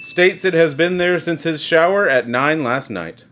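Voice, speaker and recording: A man's voice: fairly high pitch, unhurried, background noise. A man co-hosting a podcast and reading out quiz clues in casual banter, defensive and exasperated when challenged. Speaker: podcast co-host running a quiz game.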